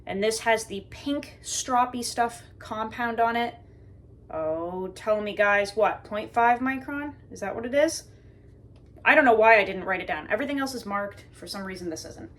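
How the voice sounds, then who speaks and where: A woman's voice: a little high, normal speed, fairly bright tone. A woman reviewing a knife in a casual, chatty way, joking and talking straight to her viewers while she sharpens at her workbench.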